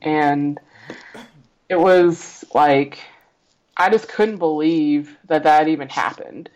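A woman's voice: low voice, slow, darkish tone, highs cut off. A woman guest on a podcast, telling a personal story in a blunt, profane way, often laughing and acting out what others said.

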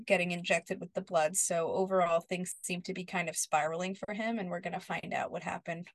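A woman's voice: on the low side, fairly even intonation, brisk, no echo. A woman co-hosting a podcast, casually recapping a TV episode and quoting the characters as she goes. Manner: retells scenes, quoting characters. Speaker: podcast co-host.

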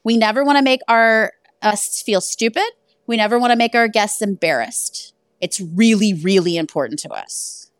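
A woman's voice: medium pitch, lively intonation, normal speed, smooth, dry recording. A woman who owns an escape room, telling stories animatedly in a casual interview and laughing along the way. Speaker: guest.

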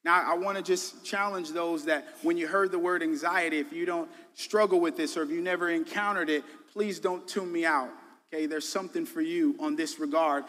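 A man preaching a sermon as a guest pastor, emphatic and casual, swinging between loud bursts and quiet drops. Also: on the high side, fairly even intonation, normal speed, in a large hall. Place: church sanctuary.

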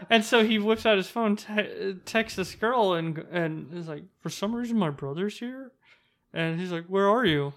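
Man, high bright voice, animated casual storyteller acting out quotes. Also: a little slow. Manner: animated, acts out quotes in raised voice.

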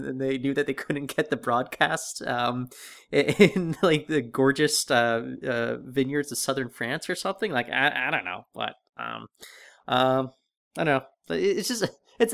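A man's voice: a little high, creaky, a bit bright. A man co-hosting a casual podcast discussion, talking with many fillers and restarts. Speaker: podcast co-host.

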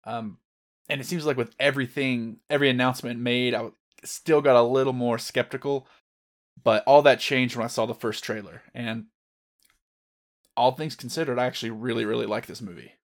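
A man co-hosting a podcast who talks earnestly and at a measured pace. His voice has an ordinary middle pitch, and he comes across as a longtime fan. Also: steady tone. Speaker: podcast co-host. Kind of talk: casual movie review chat.

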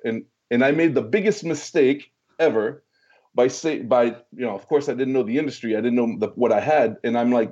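A man's voice: medium pitch, brisk, husky, highs cut off. A man in a casual interview, telling a long story from his past, stumbling over repeated words and acting out the dialogue. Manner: animated storyteller, many restarts and repeated words, acts out quoted dialogue.

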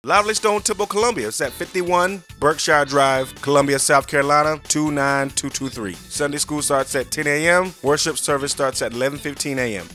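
A man's voice: a little high, a little fast, hardly any pauses, bright, forceful tone, faint music behind. A man voicing a friendly guy who gives church directions in a comedic ad skit. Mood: helpful.

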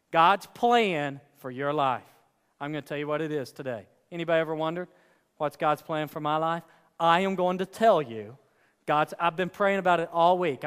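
A young man, a youth pastor, giving a casual, joking sermon in a church room, telling stories with quick asides. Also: sits high, clean tone. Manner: chatty storyteller, quick asides and jokes. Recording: echoey hall.

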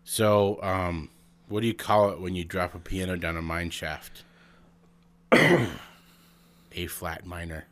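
Deep-voiced, dry-witted podcast co-host man. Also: steady tone. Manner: dry, quick-witted joker. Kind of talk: casual chat.

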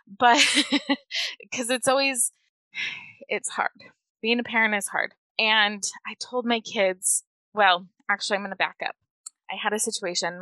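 Woman host, mom, bright sound, laughs easily, emotional, dry close mic. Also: mid-range voice, dry recording. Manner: warm, emotional, laughs often, retells dialogue. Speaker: podcast host, mother. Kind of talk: casual podcast chat.

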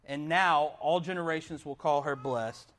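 A man's voice: a little high, normal speed, a bit bright. A young man preaching a sermon in an earnest way, often putting questions to his listeners. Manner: earnest, asks the congregation questions.

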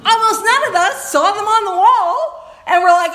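High-voiced woman speaking in an echoey room. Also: lively intonation, moderate pace, a crowd in the background. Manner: earnest, conversational, often laughing, addresses the room directly. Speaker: speaker at a recovery meeting. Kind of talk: personal talk to a meeting. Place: meeting room with an audience.

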